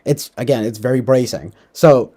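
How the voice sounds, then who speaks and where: A man's voice: medium pitch, normal speed. A young man casually recapping a movie, rambling with lots of fillers. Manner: rambling, filler-heavy, animated. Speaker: podcast host.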